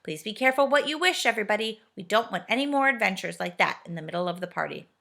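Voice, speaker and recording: Sensible young boy in a storybook, grumpy and bright-toned; voiced by a woman. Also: mid-range voice, animated, fast, vocal fry. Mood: complaining.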